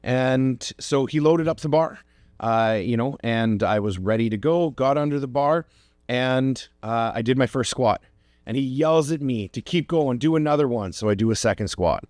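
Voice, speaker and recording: A man's voice: medium pitch, normal speed, a little mellow, dry recording, studio quality. A man hosting a podcast, telling a personal story in an earnest, reflective way and encouraging his listeners. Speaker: podcast host.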